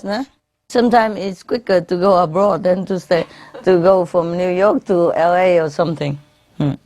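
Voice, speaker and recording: A spiritual teacher, a woman with a medium-pitched and slightly mellow voice, entertains a gathering in a hall with jokes in non-native English. Her own laughter comes often, and she keeps her listeners engaged with tags like "no?" and "eh?".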